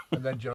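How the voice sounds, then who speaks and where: A man co-hosting a craft livestream from home, teasing and giggling as he reads out comments. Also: noisy background. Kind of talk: casual chat while crafting.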